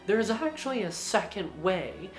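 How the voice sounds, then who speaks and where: A woman's voice: mid-range voice, big pitch swings, a little slow, soft background music. A woman narrating a video essay in a casual way, with lots of filler words. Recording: roomy echo.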